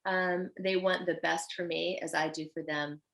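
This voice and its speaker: With vocal fry and a fairly low pitch, a woman fashion designer talks at a moderate pace as a podcast interview guest. The recording is rough. She's sincere and effusive, turning animated as she tells stories.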